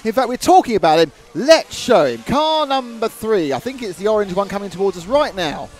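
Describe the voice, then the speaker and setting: A man's voice: sits high, big pitch swings, brisk. A man commentating a live model car race, joking and reading viewer comments aloud. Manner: jokey, chatty, reads viewer comments aloud.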